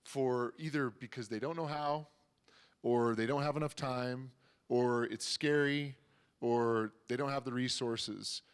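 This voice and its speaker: Male host, upbeat and encouraging, conversational interviewer, average pitch. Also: fairly even intonation, unhurried, clean tone. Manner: enthusiastic and encouraging.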